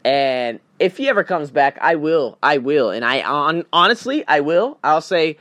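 A man hosting a solo podcast, talking in an emphatic, animated way that swings between loud bursts and quiet reflection. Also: on the high side, unhurried, hardly any pauses, dry recording. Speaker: podcast host.

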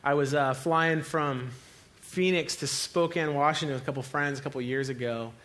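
A young male pastor preaches in a relaxed, conversational way, drifting into stories and laughing as he tells them. His voice sits a little high for a man. He acts out other people's lines in his tales. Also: normal speed. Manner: casual storytelling, laughs often, acts out voices. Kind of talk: sermon.

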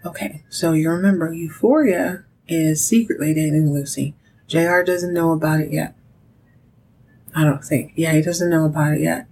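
A woman's voice: low voice, moderate pace, husky, rough recording. Sassy woman recapping a soap. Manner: sassy, animated storytelling with direct asides to listeners. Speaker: podcast host. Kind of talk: casual soap opera recap.

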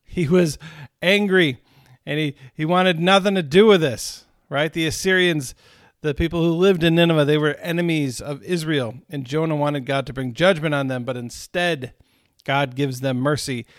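A man's voice: a little high, normal speed, dry recording, clean studio sound. A man leading a recorded Bible study, teaching in an earnest, conversational way with frequent asides to his listeners.

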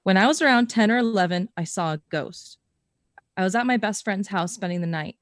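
A woman's voice: medium pitch, a little fast, no echo, studio quality. Woman reading a story aloud. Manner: expressive reading, breaks into laughter and swearing. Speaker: podcast co-host reading listener stories.

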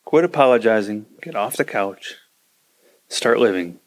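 A man's voice: on the low side, expressive, measured pace. A man hosting a podcast, ranting casually and acting out quoted voices as he gives advice. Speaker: podcast host.

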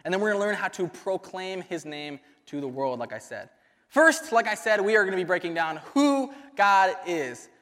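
A man's voice: sits high, expressive, moderate pace, fairly bright tone. A young man giving a youth sermon, telling a personal story casually with many fillers before turning to scripture. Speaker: youth ministry speaker. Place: church youth service hall. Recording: reverberant church hall.

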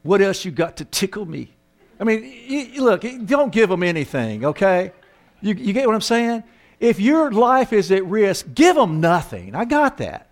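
Animated high-voiced older man counselor. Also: normal speed. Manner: animated, self-mocking, acts out voices. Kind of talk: humorous storytelling talk.

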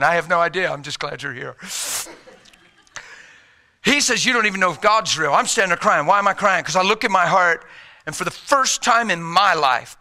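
Bright-voiced preacher man, urgent and folksy. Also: on the high side. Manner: swings between loud urgent exhortation and quiet intimate hush; folksy, plain-spoken preaching. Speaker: pastor. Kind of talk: sermon.

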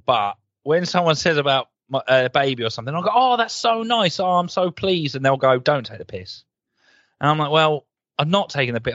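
A man co-hosting a casual podcast, ranting and swearing in an animated, jokey way. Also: medium pitch, no room sound, lo-fi sound. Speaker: podcast co-host. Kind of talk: casual chat.

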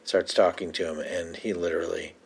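A man's voice: low voice, little pitch movement, fairly quick, vocal fry, slight background noise. A man co-hosting a podcast, casually recapping a TV episode and laughing as he retells scenes. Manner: laughs often, retells scenes with quoted lines. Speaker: podcast co-host.

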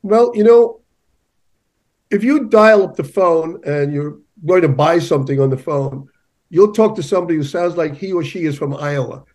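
A man's voice: a little high, moderate pace, darkish tone. A male journalist, a guest on an interview show, making his points emphatically and telling stories. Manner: emphatic, storytelling. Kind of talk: conversational interview.

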